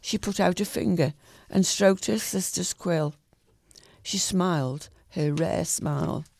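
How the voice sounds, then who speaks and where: A man reading a short story aloud in a calm, even way, with the odd small slip. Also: high-pitched, slow, vocal fry, dry recording.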